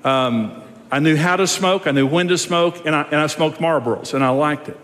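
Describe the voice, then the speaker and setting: A man's voice: on the high side, moderate pace, fairly bright tone, long reverb tail. A man preaching a sermon as pastor, in a conversational style that builds to emphatic points.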